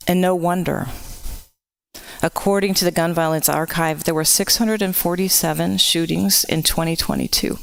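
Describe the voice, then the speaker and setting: A woman from Texas giving a church sermon in an earnest, personal way, growing impassioned at times. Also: clear, resonant tone. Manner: earnest, grows impassioned with rising pitch. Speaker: lay preacher. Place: church sanctuary.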